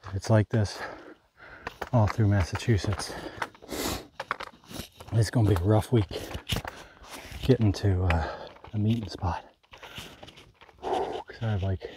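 A man's voice: lowish voice, fairly even intonation, slow, pauses often, very noisy. A man hiking a long trail and talking to the camera in a casual vlog, with wry, self-mocking commentary on his day outdoors. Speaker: long-distance hiker vlogging.

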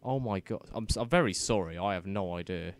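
A young man, giving flustered, self-mocking let's-play commentary with sudden loud outbursts and muttered swearing. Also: low-pitched, a little fast, a little hiss or hum. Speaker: gaming commentator.

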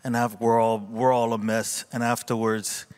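A man's voice: medium pitch, flat delivery, normal speed, darkish tone, smooth. Conversational man pastor sharing a story. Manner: conversational, many fillers, emotional storytelling. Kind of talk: informal church testimony and reflection. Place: church service.

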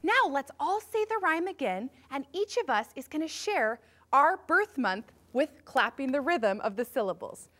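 A woman music teacher leading a children's music lesson, upbeat as she guides the class through movement warm-ups. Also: high voice, very animated, moderate pace, slight background noise.

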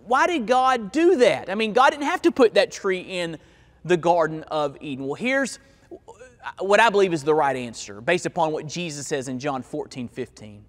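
A male pastor preaching a sermon in a church, stressing key words and stretching them out slowly. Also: on the high side, lively intonation. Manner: emphatic preaching with slow, drawn-out key words. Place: church sanctuary. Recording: long hall reverb.

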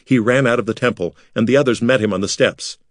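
A man reading a children's adventure book aloud in steady scripted narration. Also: mid-range voice, fast, dry recording, studio quality. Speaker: audiobook narrator.

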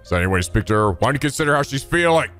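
A man voicing a stoic, gruff male hero in a deep, solemn put-on voice. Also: lively intonation, rapid-fire, a bit bright, soft background music, natural voice. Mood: stern.

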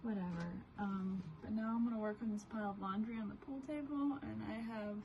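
A woman in her twenties vlogging at home, giving her dog commands in a raised pet-talk voice and chatting quietly to the camera. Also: mid-range voice, a little fast, highs cut off, a little hiss or hum. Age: 20s. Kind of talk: casual vlog, training her dog. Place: home, indoors.

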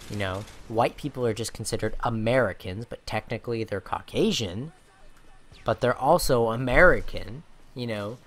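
A man's voice: mid-range voice, normal speed, a bit bright. A young man in his late teens, a YouTuber ranting in a rambling way, full of fillers and restarts. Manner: rambling, many fillers and restarts, says "dude". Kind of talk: ranting vlog over gameplay.

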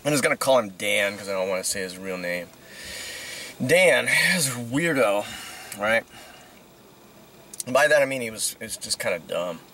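A man's voice: fairly low pitch, expressive, normal speed, pauses often. A man casually telling a rambling story, chuckling and checking in with "right?" as he goes. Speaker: vlogger. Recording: distant mic with loud outdoor traffic noise.

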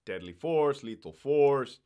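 A man's voice: medium pitch, expressive, slow, clear, resonant tone, highs cut off. Man, former corrections officer, mid-range voice, blunt and profane, keeps tagging "right?". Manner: blunt and profane, explaining rules with lots of swearing. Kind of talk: casual podcast chat.

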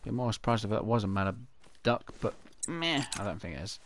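A man's voice: lowish voice, animated, fairly quick. A man chatting to himself over gameplay, rambling and answering his own questions in silly voices. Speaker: gaming channel host. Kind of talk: casual gameplay commentary.

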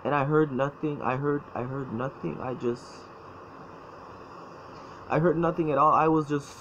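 A man telling his personal faith story, halting and emotional, often repeating words as he speaks. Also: fairly high pitch, fairly even intonation, fairly bright tone. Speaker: former church member telling his story. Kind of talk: personal testimony. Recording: dull lo-fi sound, faint noise.

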